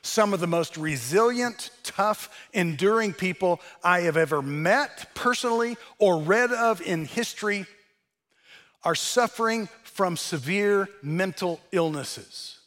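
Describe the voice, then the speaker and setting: A man's voice: high voice, animated, a little slow, a bit bright. An older man giving a sermon-style message, earnest and blunt, with touches of dry sarcasm. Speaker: speaker delivering a message.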